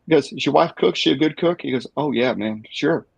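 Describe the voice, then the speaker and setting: A man's voice: on the high side, brisk, creaky, breathy edge, dry recording, low-quality recording. A man hosting a podcast, telling a long rambling story with chuckles along the way. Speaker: podcast host.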